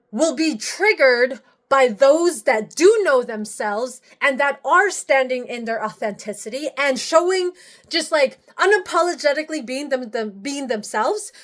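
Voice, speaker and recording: Brief: high-pitched woman, spiritual vlogger, rambly and profane, restarts mid-thought. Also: fairly bright tone. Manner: rambling, restarts often, swears casually. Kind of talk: casual spiritual check-in monologue.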